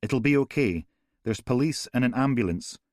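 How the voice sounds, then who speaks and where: Playing a police emergency operator, a man stays firm, insistent and controlled while sounding animated at normal speed. His mid-range, darkish voice is pitched above his own yet stays close to everyday speech, recorded clean in a studio with no room sound.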